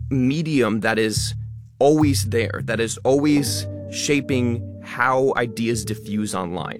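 A man who talks fast and stresses many words, speaking as a guest in an interview. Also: mid-range voice. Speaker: guest, online content creator. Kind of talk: interview conversation.

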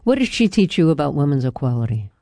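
A woman's voice: deep voice, big pitch swings, quick pace, dark tone, dry recording, studio quality. A woman interviewer asking brief, direct questions.

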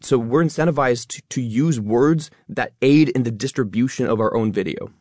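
A young man in his twenties or thirties, a content creator talking fast as an interview guest and stressing many words. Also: mid-range voice, darkish tone, no room sound, studio quality. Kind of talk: interview conversation.

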